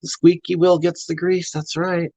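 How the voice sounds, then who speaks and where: Brief: male performer as a rambling obese middle-aged woman, crude and self-mocking, raised pitch, husky tone, livestream comedy. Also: flat delivery, normal speed, warm tone, dry recording, muffled recording. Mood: ranting, griping. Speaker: livestream comedy character host. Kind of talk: improvised livestream character comedy.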